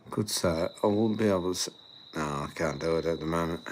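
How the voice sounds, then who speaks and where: A man's voice: low voice, fairly quick, slight background noise. An Australian man livestreaming, rambling and joking in casual chat. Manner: rambling, joking, laid-back.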